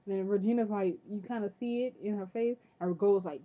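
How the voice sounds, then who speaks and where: A woman giving an excitable, casual recap of a TV episode. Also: mid-range voice, a little fast, few pauses. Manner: chatty, excitable, says "freaking" often. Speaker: TV episode reviewer. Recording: tinny phone-like audio.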